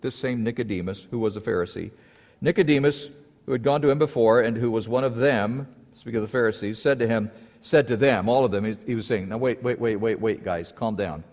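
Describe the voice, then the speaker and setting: Animated preacher in an echoing hall. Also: male voice, mid-range voice, fairly quick. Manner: lively storytelling, acting out quoted voices. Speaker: pastor. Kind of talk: sermon. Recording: long hall reverb.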